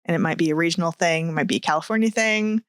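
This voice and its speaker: A woman's voice: on the low side, quick pace, no room sound, studio quality. A middle-aged woman co-hosting a podcast, telling workplace stories casually and laughing often. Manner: giggly, animated storytelling. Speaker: podcast co-host. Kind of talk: casual chat.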